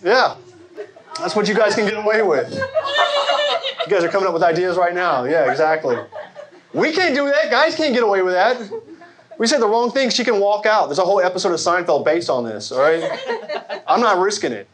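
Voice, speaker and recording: Lively man in his forties doing stand-up. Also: high-pitched, normal speed, pauses often. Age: 40s. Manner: lively, wry, talks to the crowd. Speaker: stand-up comedian. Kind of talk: stand-up comedy set. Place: large room or hall with live audience.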